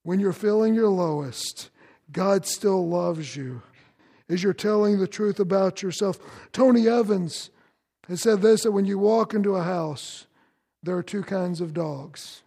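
High-voiced pastor preaching in a reverberant hall. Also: male voice, a little slow, gravelly, warm tone. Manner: earnest, direct questions to the congregation. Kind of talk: sermon.

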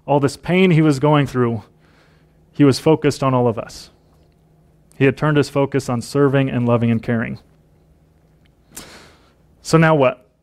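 A man's voice: medium pitch, darkish tone. A man preaching a Sunday sermon in a church service, reading scripture aloud and then reflecting on it in plain words.

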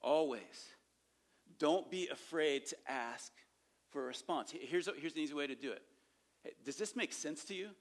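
A man's voice: fairly high pitch, moderate pace. Conversational man preaching. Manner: conversational, repeats points with frequent "okay?" check-ins. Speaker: pastor teaching evangelism. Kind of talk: sermon.

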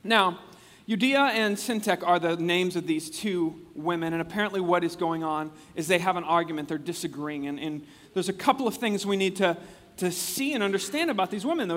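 A man preaching a casual, conversational sermon, animated and chatty, often restarting his sentences. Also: high-pitched, brisk. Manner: animated, chatty, acts out quotes with frequent restarts. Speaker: pastor. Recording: long reverb of a large hall.

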